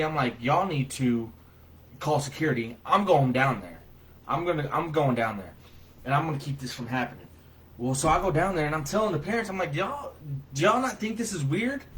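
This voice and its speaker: A man with a somewhat high voice tells a story from his own life in a loose, colloquial way. He is animated and gets loud whenever he replays his own lines. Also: rough recording. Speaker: vlogger telling a personal story. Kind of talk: casual spoken storytelling.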